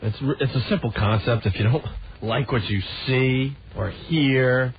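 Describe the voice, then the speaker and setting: A man's voice: medium pitch, unhurried. A man co-hosting a radio show in casual chat, easygoing as he sets up clips. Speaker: radio host. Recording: muffled radio broadcast with faint hiss.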